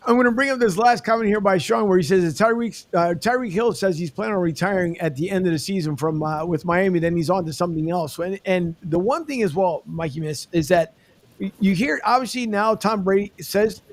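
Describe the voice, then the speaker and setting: A man's voice: high-pitched, a little fast. A man hosting a sports podcast, sharing rambling opinions in an easygoing way. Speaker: podcast host. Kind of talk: casual podcast chat.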